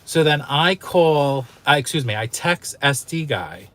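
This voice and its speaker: A man's voice: fairly high pitch, expressive, unhurried, fairly bright tone. Man, channel host; loose vlog storytelling, candid and emotional, swears freely.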